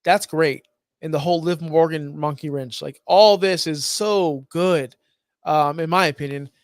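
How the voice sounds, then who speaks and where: A man co-hosting a wrestling podcast, opinionated and animated, acting out quotes as he recaps. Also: fairly high pitch, a little slow, no room sound, studio quality. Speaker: podcast co-host. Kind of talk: casual wrestling podcast chat.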